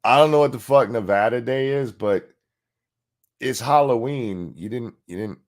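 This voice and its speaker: A man's voice: mid-range voice, normal speed, background noise. A man hosting a profane, sarcastic political commentary rant over video clips. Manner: sarcastic, profane, mocking mimicry.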